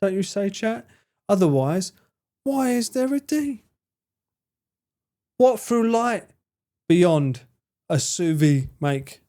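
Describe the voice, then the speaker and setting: A man's voice: high voice, lively intonation, slow pace, pauses often, warm tone. A young man livestreaming, casually bantering with his chat in a playful, sweary, teasing way. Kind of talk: casual chat with live stream viewers.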